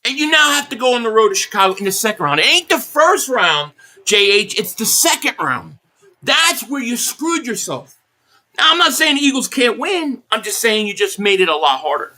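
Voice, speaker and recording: A furious man hosts a live reaction stream, swearing bluntly and circling back to the same complaint as he reads out viewer messages. His pitch swings widely from line to line, and his tone is bright and forceful. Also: big pitch swings, moderate pace. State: angry. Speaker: live stream host reacting to a football game.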